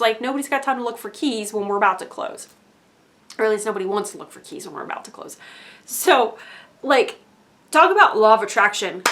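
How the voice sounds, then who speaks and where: A woman's voice: fairly high pitch, background noise. A woman vlogger telling a casual story-time monologue, rambling and filling her talk with fillers and tag questions.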